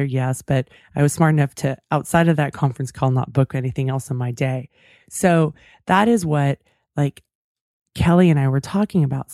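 A woman's voice: low-pitched, mellow, no echo, clean studio sound. A woman hosting a talk show, telling a personal story in a chatty, reflective way with lots of asides. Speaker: podcast host. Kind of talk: casual storytelling monologue.

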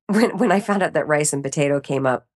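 A woman talking as a podcast guest in casual interview chat, animated and often laughing as she acts out her own reactions. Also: sits low, normal speed.

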